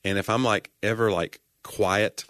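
A man's voice: lowish voice, fairly even intonation, measured pace, fairly bright tone, no room sound, clean studio sound. A man co-hosting a podcast in casual chat, joking and teasing his partner, slipping into funny voices. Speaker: podcast co-host.

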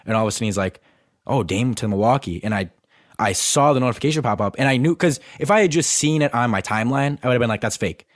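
A young man co-hosting a sports podcast, talking fast with lots of restarts and stumbles. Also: medium pitch, no echo, clean studio sound. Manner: stumbling restarts, breathless disbelief. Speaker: podcast co-host. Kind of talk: excited sports podcast chat.

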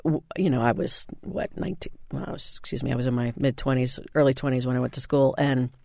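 A man's voice: medium pitch, fairly even intonation, fast talker, creaky, a little mellow, no echo, studio quality. A man who is a chef guest, chatting casually and enthusiastically about food.

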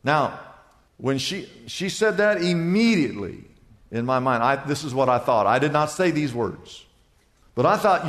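An older male pastor preaches with a high, ringing voice. He drives his points home with emphatic repetition and rhetorical questions. The sound carries a long hall reverb. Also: lively intonation, a little slow, fairly bright tone. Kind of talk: sermon.

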